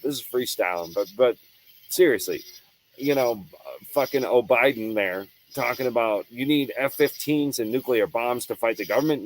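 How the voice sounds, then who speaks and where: A man's voice: medium pitch, expressive, moderate pace, a little hiss or hum, rough recording. A man hosting his own show, giving a heated, profane, unscripted monologue with hard emphasis and frequent restarts. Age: adult. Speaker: show host.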